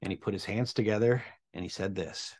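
An American man in his forties telling a personal story to an audience, animated and humorous as he builds suspense. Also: on the low side, fairly quick. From United States.

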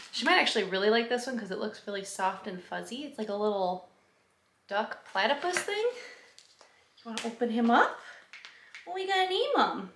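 Brief: bubbly woman vlogger, highish voice that swoops a lot while she coos at her pet. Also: a bit bright, a little hiss or hum. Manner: sing-song baby talk to her dog. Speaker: vlog host. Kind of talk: casual unboxing vlog. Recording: roomy, echoey room sound.

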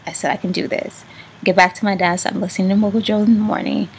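A woman vlogger telling a personal story in a halting way, with words that often trail off into a soft whisper. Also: medium pitch, fairly even intonation, slight background noise, low-quality recording. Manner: halting, with many restarts and fillers.

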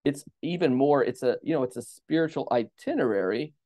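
A man speaks as a podcast guest with a mid-pitched voice, explaining in a steady, lecturing way. His answers unfold at length and carefully. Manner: measured, explanatory, lecturing cadence. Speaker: theologian guest.

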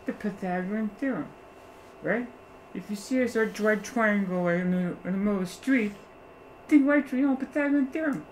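A man teaching algebra to a class, animated, constantly asking rhetorical questions to check that students follow. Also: high-pitched, a little fast, gravelly, a little hiss or hum, poor audio. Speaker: math teacher. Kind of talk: classroom lecture.

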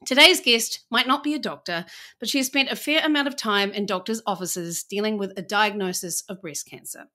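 Podcast host: New Zealand woman in her forties, bright, playful and theatrical. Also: mid-range voice, a little fast. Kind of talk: casual chat.

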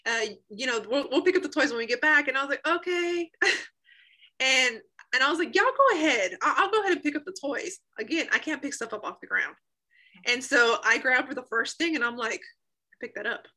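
Woman, 30s, bright slightly high voice, animated storyteller who laughs and acts out quotes. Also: a little fast, low-quality recording. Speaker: guest sharing a healing testimony. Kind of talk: emotional personal storytelling.

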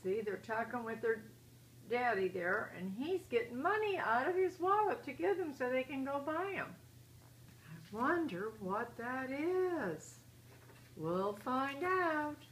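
A woman's voice: high voice, big pitch swings, slow, slight background noise, rough recording. A woman reading a children's picture book aloud in a chatty way, stopping to point out the pictures. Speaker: storyteller.

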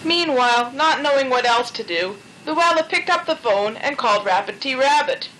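High, bright woman reading a storybook. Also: animated, moderate pace, a little hiss or hum, poor audio.

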